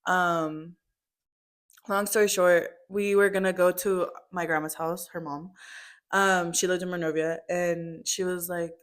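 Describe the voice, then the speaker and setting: A woman's voice: fairly low pitch, level tone, measured pace. Chatty young woman telling a family story. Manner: chatty, full of "like" and "um" fillers. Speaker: daughter telling her story.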